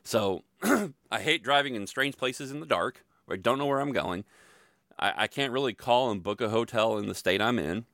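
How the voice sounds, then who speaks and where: A man's voice: medium pitch, moderate pace, a bit bright, no room sound, clean studio sound. A middle-aged man from the Louisville area telling a rambling, self-deprecating personal story, full of fillers and asides. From Louisville, Kentucky area. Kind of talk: casual storytelling monologue.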